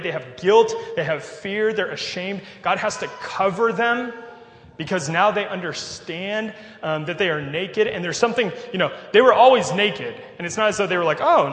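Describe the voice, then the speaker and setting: A man's voice: sits high, a bit bright. A man with a nasal voice, preaching a sermon in a conversational way with casual asides. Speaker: pastor. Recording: echoey hall with long reverb.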